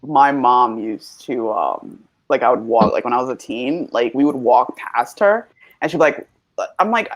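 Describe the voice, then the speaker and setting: A woman's voice: very deep voice, normal speed. A woman co-hosting a podcast, telling stories in a casual, rambling way. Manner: expressive, rambling storyteller. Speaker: podcast co-host. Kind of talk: casual chat.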